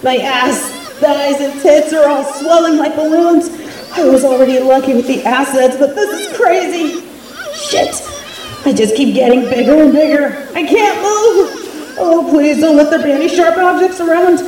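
A woman's voice: high voice, lively intonation, moderate pace, darkish tone, a little hiss or hum. A woman voicing a cocky, mean female bunny villain who taunts and swears in an audio role-play. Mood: panicked. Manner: taunting, mocking, swears a lot.

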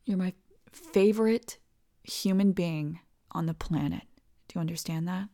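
A woman in a whispered role-play as a doting partner, talking softly and tenderly and often dropping into whispers. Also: lowish voice, fairly even intonation, slow pace, long pauses. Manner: soft, tender, soothing, slips into whispers. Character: doting, reassuring partner comforting the listener.

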